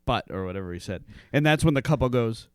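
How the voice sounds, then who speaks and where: A man's voice: mid-range voice, expressive, fast, smooth, no room sound, clean studio sound. A man chatting on a podcast, rambling with many restarts and frequent laughter. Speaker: podcast co-host. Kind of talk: casual chat.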